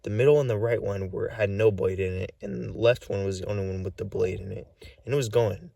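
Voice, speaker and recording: Male vlogger, weary and short of breath, low and gravelly, halting speech with many restarts. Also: steady tone, dark tone, no room sound, distant mic. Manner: halting, full of restarts and repeats. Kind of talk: rambling recorded monologue.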